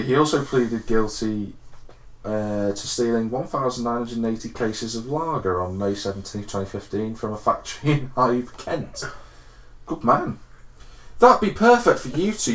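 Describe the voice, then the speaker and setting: A man's voice: medium pitch, normal speed, fairly bright tone. Joking young man in an echoey room. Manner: laughing, jokey, reads news aloud with filler words. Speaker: podcast co-host reading news stories. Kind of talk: casual banter. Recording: roomy echo.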